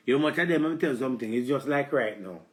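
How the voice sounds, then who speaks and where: A man with a Jamaican accent hosts a live stream, talking very fast in a mid-range voice in an echoey room. He rambles through a preachy, comic rant aimed at his female viewers, addressing the ladies and repeating "let me tell you."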